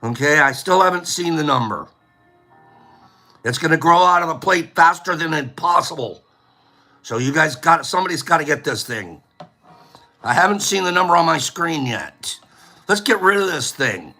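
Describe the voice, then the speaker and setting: A man chats casually on his own livestream, rambling from one joking rant to the next. His voice is bright and slightly husky, and his pitch swings all over the place. Faint music plays behind him. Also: animated, moderate pace, long pauses. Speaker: livestream host giving away plates.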